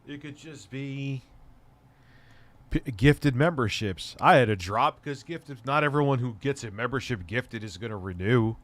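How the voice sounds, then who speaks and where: A man's voice: medium pitch, expressive, unhurried, a bit bright, dry recording. A man hosting a live stream, joking and laughing as he comments on clips. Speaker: show host.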